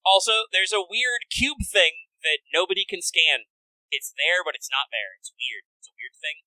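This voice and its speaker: A man co-hosting a casual game recap podcast, swearing freely and talking in an animated way. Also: high voice, moderate pace, no room sound, rough recording. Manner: animated, profane, puts on voices in quotes. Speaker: podcast co-host.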